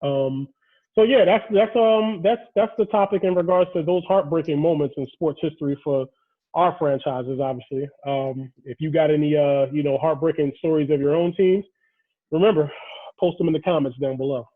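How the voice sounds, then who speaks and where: A man's voice: on the high side, moderate pace. A man hosting a casual podcast who rambles with many fillers and teases his co-hosts, heard over a tinny phone-like line. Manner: rambling, filler-heavy, teasing. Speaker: podcast host.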